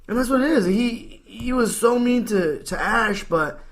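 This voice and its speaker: A man's voice: very high-pitched, unhurried. A man hosting a casual podcast, ranting playfully and joking with his guest. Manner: animated, ranting, jokey. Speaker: podcast host.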